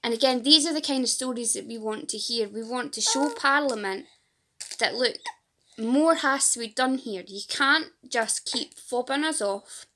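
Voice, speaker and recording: A Scottish woman with a Fife accent, founder of a support group, talks casually to camera with an earnest, rambling appeal that turns emotional at times. Her pitch is fairly high and her tone fairly bright, at a moderate pace.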